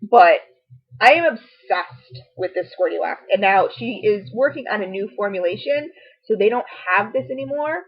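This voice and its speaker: Here a middle-aged woman who vlogs about beauty and home products reviews something casually for the camera, her mid-range voice animated and slightly rough at a normal speed. Gushing and chatty, she drifts into plenty of asides, all captured in dull lo-fi home video audio.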